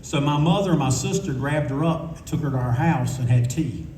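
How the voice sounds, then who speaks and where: A man's voice: mid-range voice, brisk, warm tone, far from the mic, slight background noise. Man swapping candid convention stories. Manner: rambling, candid, swears freely. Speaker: convention panelist. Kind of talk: casual anecdotal storytelling. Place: convention panel room. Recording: echoey room recording from afar.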